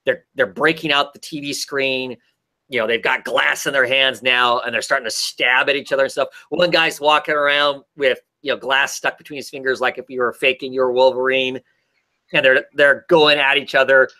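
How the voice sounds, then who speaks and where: Guy rambling thru a comic recap, lots of ums, pretty bright sounding. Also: mid-range voice, steady tone, normal speed. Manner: rambling, many fillers and restarts. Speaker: podcast co-host reviewing comics. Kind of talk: casual chat.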